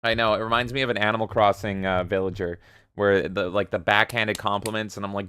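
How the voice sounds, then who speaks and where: A man's voice: fairly low pitch, steady tone, brisk, a bit bright, clear, resonant tone. A man hosting a livestream, casually reading viewers' chat messages aloud and swearing offhandedly. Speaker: livestream host.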